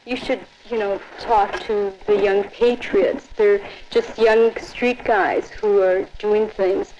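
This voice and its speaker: Measured woman, dull lo-fi sound. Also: mid-range voice, steady tone, a little mellow, slight background noise. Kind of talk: interview. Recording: dull lo-fi film audio.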